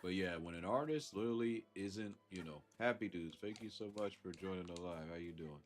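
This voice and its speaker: A man's voice: low voice, fairly quick. A man with a Southern US accent, chatting casually on a live stream and thanking chatters, sounding congested from a sinus infection. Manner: laid-back, chuckles often, thanks chatters.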